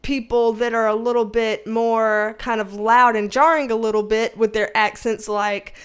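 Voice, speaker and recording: A woman's voice: a little high, little pitch movement, normal speed, clean tone. A woman with a Southern American accent, hosting a casual livestream, reading viewer comments and laughing often. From Southern United States. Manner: laughs often, chatty and slangy. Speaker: livestream host.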